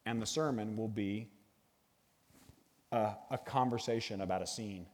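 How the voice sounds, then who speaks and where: A middle-aged man giving a guest sermon in a church, animated and jokey, talking to a live audience. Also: on the low side, unhurried. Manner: animated, jokey, bursts into sung movie lines. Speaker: guest speaker. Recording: long hall reverb.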